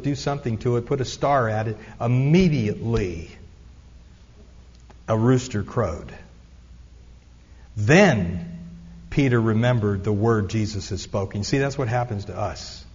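A man's voice: medium pitch, a little mellow. Pastor guy preaching, chatty asides, long church echo, kinda muffled lo-fi audio. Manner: earnest, conversational preaching with asides. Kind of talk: sermon. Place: church sanctuary. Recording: echoey hall, dull lo-fi sound.

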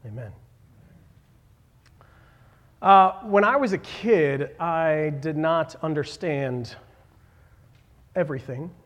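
A man in his thirties gives a sermon from a church hall, his voice a bit high for a man. He speaks haltingly, with many fillers, restarts and self-deprecating asides. A long reverb hangs on every phrase. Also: fairly bright tone. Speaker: pastor.

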